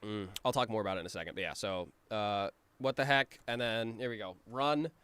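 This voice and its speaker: A man giving casual creator commentary on his own cartoon, rambling with many ums and restarts, and now and then acting out his characters' lines in quick voices. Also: fairly low pitch, lively intonation, a bit bright, smooth.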